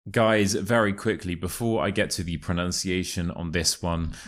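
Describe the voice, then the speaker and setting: A young man with a Modern RP English accent teaching pronunciation, reading passages slowly and clearly, then chatting casually between them. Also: low-pitched, fairly even intonation, fairly bright tone. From England. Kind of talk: pronunciation lesson with read-aloud passages.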